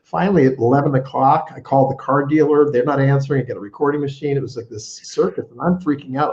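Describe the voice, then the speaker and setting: A man's voice: medium pitch, steady tone, fast talker, few pauses, darkish tone, reverberant, dull audio. A man telling a story on a video call as a guest, stammering and repeating words, self-deprecating.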